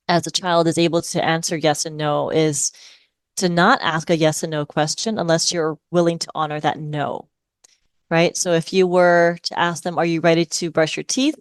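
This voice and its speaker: A middle-aged woman from Hawaii, a speech-language pathologist, patiently explains strategies in a podcast interview, modeling phrases in a lilting parent voice. Her voice is low, steady, smooth and a little slow, with no room sound.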